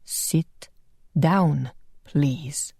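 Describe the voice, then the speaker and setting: A woman narrator voicing a stern, weary male leader who presides like a judge in a measured, quiet way. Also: on the low side, animated, no room sound, studio quality.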